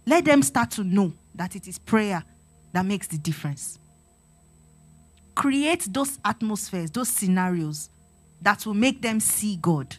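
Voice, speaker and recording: A woman's voice: medium pitch, expressive, unhurried, soft background music. A woman giving a sermon-style talk to a congregation, earnest and exhorting, repeating her phrases and acting out talks with her children. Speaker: church speaker on parenting.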